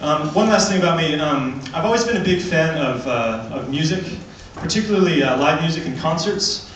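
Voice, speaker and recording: Young American stand-up, wry storyteller, lively delivery; distant phone recording from the crowd. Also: male voice, a little high, a little fast. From United States. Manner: wry storytelling with quoted voices and asides. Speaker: stand-up comedian. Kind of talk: stand-up comedy set. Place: comedy club stage with audience laughter. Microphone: phone recording from the audience, far from the stage. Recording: distant, echoey phone recording with loud noise. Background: audience laughter.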